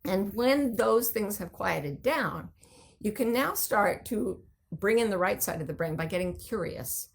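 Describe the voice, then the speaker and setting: A woman hosting a show who explains ideas in a conversational teaching talk, animated and full of vivid examples while answering listener questions. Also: mid-range voice, unhurried, gravelly. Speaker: host.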